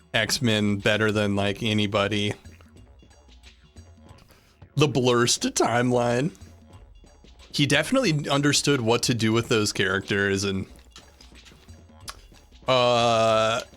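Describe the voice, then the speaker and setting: A man's voice: medium pitch, a bit bright. A man chatting casually during a live game stream, rambling and loose with lots of "like" and "uh" between thoughts. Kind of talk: casual live-stream chat while gaming.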